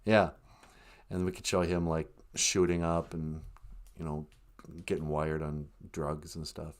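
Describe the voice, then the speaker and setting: A man co-hosting a comedy podcast, pitching ideas hesitantly with many fillers. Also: flat delivery, measured pace. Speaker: podcast co-host. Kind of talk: comedic banter.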